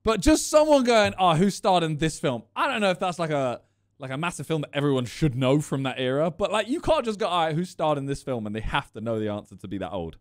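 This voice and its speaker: A man streaming his reactions to a video, talking casually with animated, joking asides. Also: a little high, quick pace.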